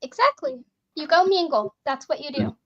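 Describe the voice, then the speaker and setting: A woman chatting casually, telling lively anecdotes full of fillers and acting out the people she talked to. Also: high voice, moderate pace, muffled recording. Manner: lively anecdotes, frequent fillers, acts out both sides of dialogue. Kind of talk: casual storytelling chat.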